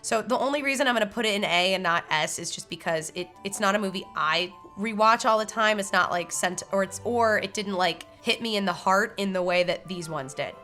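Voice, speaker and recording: Bright-voiced chatty young woman vlogger. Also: medium pitch, a little fast, few pauses, faint music behind. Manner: chatty and expressive, lots of fillers. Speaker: YouTuber ranking movies. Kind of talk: casual opinion vlog.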